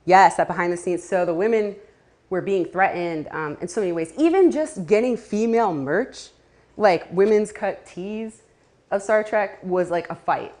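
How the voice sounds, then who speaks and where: A woman's voice: medium pitch, moderate pace, darkish tone. A woman giving a casual talk to a live audience, chatty, with laughing asides and many fillers. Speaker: community speaker.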